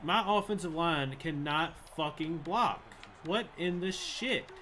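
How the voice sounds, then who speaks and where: A young man rants his way through a football video game, swearing and venting at every bad play. His voice is bright and forward, with a faint hiss of noise behind it. He talks like a channel host reacting live. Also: fairly high pitch, animated, takes it slowly. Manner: frustrated, swearing, ranting at the game. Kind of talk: live gameplay commentary.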